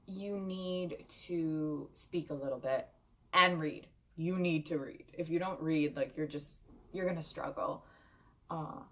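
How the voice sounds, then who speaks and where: A woman's voice: lowish voice, moderate pace. A young woman vlogger chatting candidly to her viewers, with plenty of fillers. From United States. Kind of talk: casual chat.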